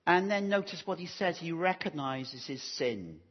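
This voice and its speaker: A man preaching with a slightly husky, breathy voice that rises and falls a lot, pitched a little high for a man. He talks earnestly and pastorally, tossing in rhetorical questions to his listeners. The recording sounds muffled and lo-fi. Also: lively intonation, moderate pace. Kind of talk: sermon.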